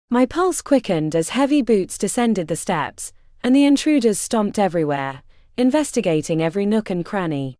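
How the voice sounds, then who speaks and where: A woman reading a fantasy romance audiobook as first-person narration, with expressive delivery. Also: medium pitch, moderate pace, no echo, clean studio sound. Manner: expressive, varied character voicing.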